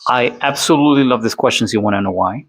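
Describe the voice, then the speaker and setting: Man, from Colombia, reaction commentator, lecturing, repeats points, mid-pitched. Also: quick pace. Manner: lecturing, repeats points with "all right?" and "okay?".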